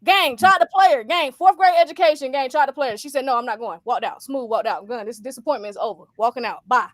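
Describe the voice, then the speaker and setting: A woman co-hosting a casual livestream chat, telling stories in an animated way and acting out quotes. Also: sits high, quick pace, dry recording, clean studio sound. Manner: animated storytelling with laughs and acted quotes. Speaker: podcast co-host.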